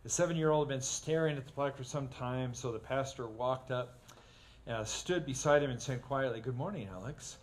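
A man preaching a sermon, telling stories in a folksy way and getting animated when he acts them out. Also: mid-range voice, brisk. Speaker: pastor. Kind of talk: sermon with humorous storytelling. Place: church sanctuary.

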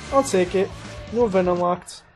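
A young gameplay commentator with a high voice and moderate pace rambles through his racing game session, cracking self-deprecating jokes and getting excited at the action. Racing game music and car engine sounds run behind this low-quality recording of his casual let's-play.

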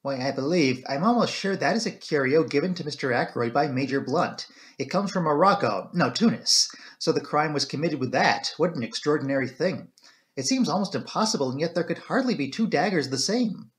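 A man voicing an earnest, efficient young male secretary in an audiobook, eager and quick. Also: fairly high pitch, expressive, natural voice.

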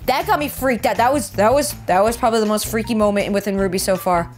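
A woman's voice: mid-range voice, fast talker, faint music behind. A young woman hosting an anime reaction video, gasping, squealing and repeating herself as she comments.

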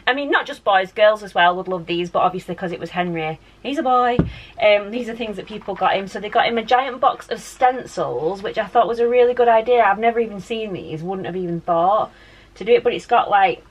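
A woman's voice: medium pitch, brisk, lo-fi sound. A woman, chatting casually as she vlogs from her child's bedroom at home, rambling with lots of fillers. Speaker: vlogger and mum. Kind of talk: casual home vlog chat.

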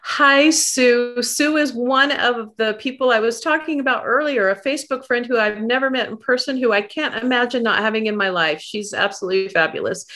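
A woman author chatting on a video call, upbeat and chatty, often pausing and restarting her sentences. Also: a little high, fairly bright tone. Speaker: guest author. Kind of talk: casual chat on a video call.

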